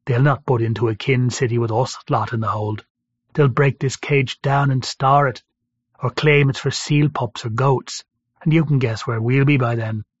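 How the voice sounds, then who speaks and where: A man reads a gruff, seasoned prisoner who talks bluntly and jokes grimly. His voice sits at a middling pitch in a dry, dull-sounding recording, close and plain. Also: fairly even intonation, moderate pace, dry recording, natural voice. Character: gruff seasoned male sailor-prisoner, talkative and wry.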